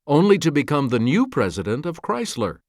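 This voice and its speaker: A man's voice: on the high side, huge pitch swings, brisk, a little mellow, no room sound. A man hosting a quiz show, announcing players and reading clues aloud in a scripted studio delivery. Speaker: game show host.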